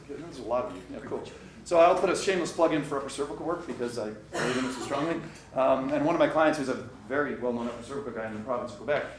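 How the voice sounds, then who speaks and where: A middle-aged man giving a motivational workshop talk to a live audience, animated and addressing the crowd directly. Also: medium pitch. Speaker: coach and workshop speaker. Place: conference room with live audience. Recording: echoey room, distant mic, faint noise.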